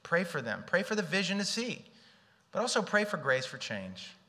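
A male pastor delivers an earnest sermon in a church sanctuary. His voice is bright and sits a little high for a man, and he swings between forceful emphasis and soft, pleading asides. A long reverb rings through the large hall. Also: sing-song, moderate pace.

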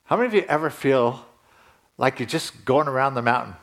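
Male pastor, mid-pitched, easygoing conversational sermon delivery that lifts and presses on key lines. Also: lively intonation, fairly quick, a bit bright. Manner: conversational preaching, rising emphatically at key points.

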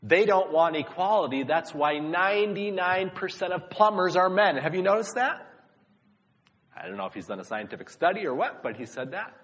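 A man's voice: high-pitched, expressive, moderate pace, a bit bright. A man preaching a sermon, talking emphatically and speaking directly to the congregation. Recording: long reverb of a large hall.

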